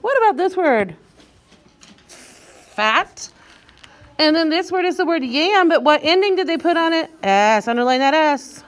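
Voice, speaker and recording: Teaching little ones to read, a woman speaks in a high, bright voice during a guided reading lesson. She cheers them on animatedly, carefully sounding out the harder words at a slower pace and getting the class to read along.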